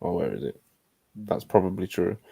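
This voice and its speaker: A man's voice: low-pitched, sing-song, moderate pace, creaky, warm tone, breathy edge, no echo, clean studio sound. A man co-hosting a casual podcast, laid-back and easygoing in how he talks. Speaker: podcast co-host.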